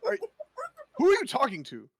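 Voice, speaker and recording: A man playing a tabletop game, joking deadpan with the other players. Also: extremely high pitch, moderate pace. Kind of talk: casual tabletop chat.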